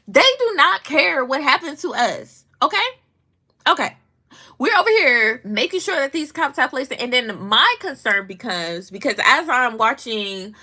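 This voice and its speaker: Young woman ranting on her vlog, pitch jumping all over, cussing and slangy. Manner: animated, blunt, slangy and profane. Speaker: vlogger commenting on news. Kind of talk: casual storytelling commentary.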